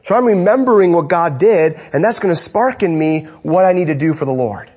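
Guy preaching, swoops all over the place, emphatic, goes quiet to make a point. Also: a little high, animated, a little fast, slightly rough. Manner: emphatic, drops to a hush for stress. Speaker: pastor. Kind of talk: sermon.

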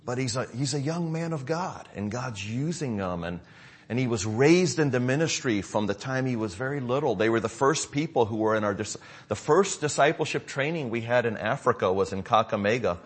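A man's voice: mid-range voice, lively intonation, fairly quick, husky. A middle-aged American man preaching to his congregation, telling stories in a loose, conversational way with frequent asides. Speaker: pastor. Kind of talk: sermon update to a congregation.

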